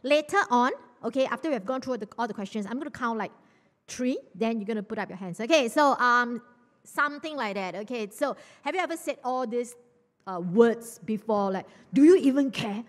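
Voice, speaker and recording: A woman pastor talks to her congregation in a chatty, questioning way. Her fairly high voice leaps up and down with lively energy. A long church-hall reverb trails after her words. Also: brisk. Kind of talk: lively sermon with audience interaction.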